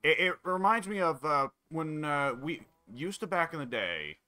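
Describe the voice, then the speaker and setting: A man's voice: a little high, animated, moderate pace, sharp tone, dry recording. A man chatting casually with a friend while gaming, rambling with frequent fillers. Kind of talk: casual chat.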